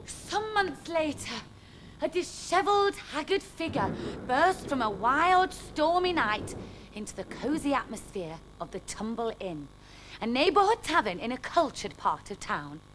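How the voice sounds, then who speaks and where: Lady reading a kids story, lively up and down voice, bit of hiss. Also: high-pitched, measured pace. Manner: bright and expressive.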